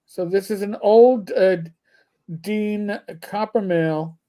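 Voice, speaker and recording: A man's voice: high voice, slow pace, dark tone, clean tone. A man and former police officer co-hosting a casual livestream discussion, joking and skeptical.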